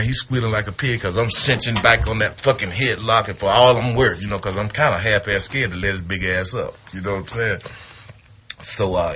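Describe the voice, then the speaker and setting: Male storyteller, low register, foul-mouthed and animated, casual anecdote. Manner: profane, animated, acts out quotes. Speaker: retired wrestler telling a story.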